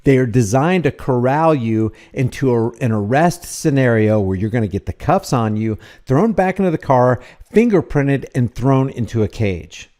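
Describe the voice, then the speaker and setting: A man's voice: mid-range voice, animated, moderate pace, hardly any pauses, mellow. A middle-aged man giving blunt, emphatic commentary over video clips and repeating his points for weight. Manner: blunt, emphatic, repetitive phrasing. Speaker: commentator reacting to police footage.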